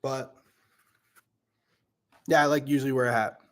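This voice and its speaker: Animated, casually swearing middle-aged man. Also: mid-range voice, normal speed. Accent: regional accent, self-noted. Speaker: podcast host. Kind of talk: casual Q&A storytelling.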